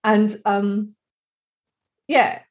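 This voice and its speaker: A woman's voice: medium pitch, steady tone, drawn-out words. A woman in casual spiritual conversation, talking reflectively and rambling, with frequent "you know.".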